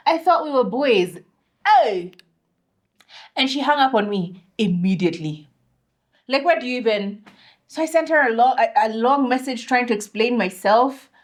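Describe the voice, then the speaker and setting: Animated woman telling a story. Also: fairly high pitch, normal speed, long pauses. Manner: animated storytelling, mixes Swahili slang into English. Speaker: podcast co-host. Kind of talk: casual chat.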